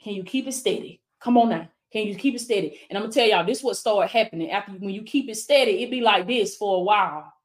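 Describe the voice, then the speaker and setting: A woman with a medium-pitched voice talks fast and barely pauses. She's a life coach on a live stream, fervently repeating affirmations, calling viewers "baby" and answering them by name in a preacherly call-and-response.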